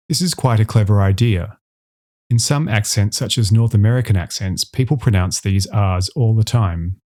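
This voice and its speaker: A man with a fairly low voice narrates an educational voice-over. He speaks in a measured, scripted way and slows down to enunciate each example sound clearly. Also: darkish tone. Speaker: instructor.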